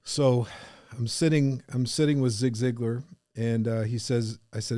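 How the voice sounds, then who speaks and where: A man guesting on a podcast, telling his own story with animated energy and acting out the people in it. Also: mid-range voice, measured pace, dry recording, studio quality. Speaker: podcast guest, business coach.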